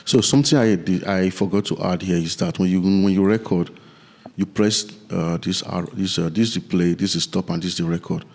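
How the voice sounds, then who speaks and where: A man teaching music recording software in a loose, rambling tutorial with many restarts, from a home studio. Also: low voice, fairly even intonation, brisk, vocal fry.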